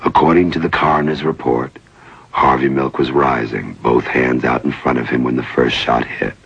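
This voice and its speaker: A man narrating a documentary in a grave, measured, scripted way. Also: very deep voice, fairly even intonation, fairly bright tone, slightly rough, no room sound. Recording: dull lo-fi dry recording.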